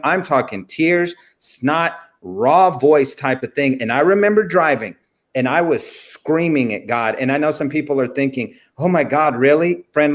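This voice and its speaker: Man, guest speaker, earnest, preacherly, mid-range voice, casual faith interview. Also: medium pitch. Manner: earnest, preacherly, addresses listeners as friend.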